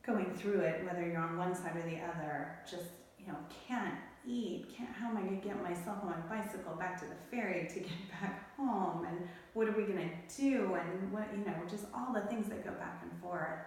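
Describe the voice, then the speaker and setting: Candid woman, low voice, echoey room. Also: slight background noise. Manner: candid, emotional, tumbling recollection. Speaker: interview guest. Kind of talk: personal storytelling. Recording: echoey room, mic at a distance.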